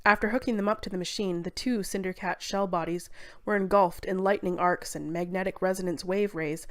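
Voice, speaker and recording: A woman's voice: on the low side, fairly even intonation, brisk, a bit bright. A woman narrating a scripted story in a wry, irreverent way.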